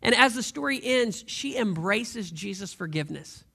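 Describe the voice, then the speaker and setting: High, gravelly-voiced male pastor preaching. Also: expressive, moderate pace, pushed and bright. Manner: conversational storytelling with rhetorical questions. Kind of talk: sermon.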